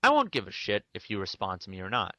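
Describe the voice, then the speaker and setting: A man with a bright voice rants defensively and swears often in an angry vlog. The sound is dry and close. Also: fairly low pitch, huge pitch swings, quick pace, no echo, muffled recording. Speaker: video maker ranting to the camera.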